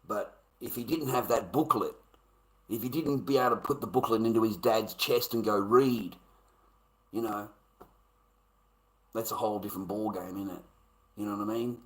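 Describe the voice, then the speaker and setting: A man's voice: lowish voice, normal speed, long pauses, a bit bright, rough recording. An Australian man talking casually to his live-stream audience, coarse and emphatic, swearing often.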